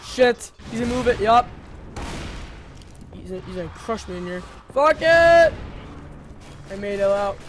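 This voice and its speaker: A young man narrating his own game playthrough, his voice leaping up and down in pitch as he curses and yelps at every scare. He talks in an unhurried drawl between the bursts, into a home desk mic with a faint hiss behind him. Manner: excitable, swears constantly, yelps and gasps at scares. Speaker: gaming channel host. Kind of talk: live let's-play commentary. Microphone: home desk mic that glitches.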